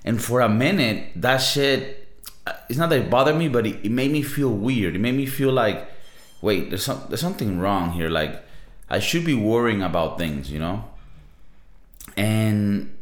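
A man's voice: fairly low pitch, lively intonation, normal speed. A young man with a Latin American Spanish accent hosting a podcast, talking in a casual, profane, slangy monologue. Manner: laid-back, profane, slangy. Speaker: podcast host. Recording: roomy echo.

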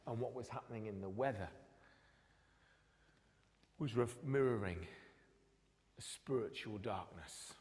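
A pastor preaching a sermon in a church, his voice sitting a little low. He rises to loud, emphatic phrases, then drops to near-whispers for effect. Long reverb trails off his words in the large hall. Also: unhurried, long pauses.

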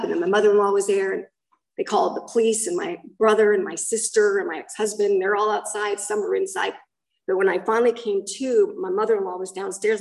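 A woman's voice: mid-range voice, gravelly, recorded from a distance, rough recording. A woman telling a candid personal testimony about recovery, rambling and restarting as she goes. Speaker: recovery speaker sharing her story.

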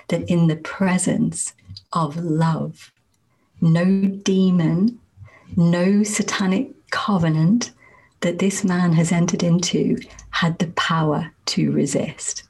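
A woman giving a slow, reflective spoken testimony as a Christian minister, soft and halting, often dropping to a near whisper. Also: fairly low pitch, breathy edge, low-quality recording.

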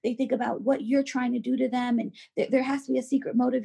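A woman co-hosting a podcast in casual chat, animated and filler-heavy, acting out quoted voices. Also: on the high side, fast talker, creaky, hardly any pauses, husky. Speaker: podcast co-host.

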